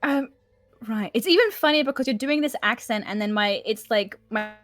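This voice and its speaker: A woman's voice: fairly high pitch, normal speed, a bit bright. A young woman playing a polite, formal character in a tabletop game, giggling often between lines. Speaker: player. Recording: faint music behind.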